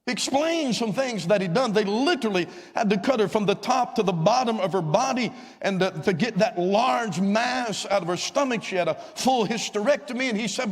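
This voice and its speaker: A man, a visiting evangelist, telling a story in a fervent revival sermon that rises to shouts of praise, recorded in a church. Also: very high-pitched, expressive, normal speed. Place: church sanctuary. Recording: long church-hall reverb.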